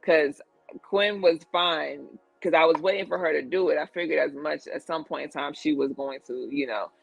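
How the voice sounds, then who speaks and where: Host masculino con voz áspera y algo aguda, charla animada; grabación seca y algo apagada con música tenue. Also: male voice, on the high side, normal speed, creaky, husky, dry recording, lo-fi sound, soft background music. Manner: animated, digressive storytelling. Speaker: podcast co-host. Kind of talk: casual TV recap chat.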